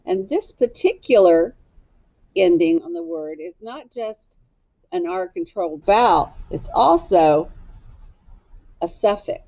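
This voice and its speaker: A woman's voice: fairly low pitch, expressive, slow, pauses often, dull audio. A woman teacher giving a recorded phonics lesson for children, spelling words out letter by letter in a patient, encouraging way. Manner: gently encouraging.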